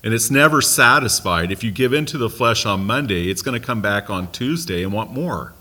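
A man's voice: lowish voice, lively intonation, a little fast, sharp tone. An American man leading a Bible study class in a conversational way, asking the group questions and making light asides. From United States.

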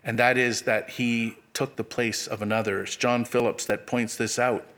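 A male pastor preaches a sermon at a normal speed with a generally flat delivery. He acts out quotes with sudden leaps in pitch and drops to a hushed, low voice on key phrases.

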